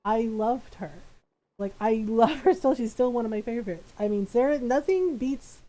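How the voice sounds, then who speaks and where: Woman streamer, gaming chat; a touch high, animated, laughs a lot, rambles. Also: moderate pace, rough recording.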